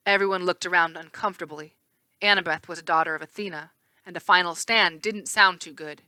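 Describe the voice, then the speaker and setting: A woman reading a novel aloud in first person, expressive, with the odd slip and restart. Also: on the low side, brisk, smooth, no room sound. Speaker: read-aloud narrator.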